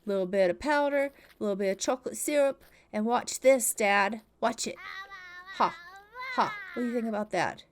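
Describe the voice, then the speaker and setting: Cranky toddler boy, whiny, stubborn, sim game story , voiced by a woman, higher voice. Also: animated, moderate pace, slight background noise, lightly acted. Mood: defiant. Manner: whiny, defiant, pleading.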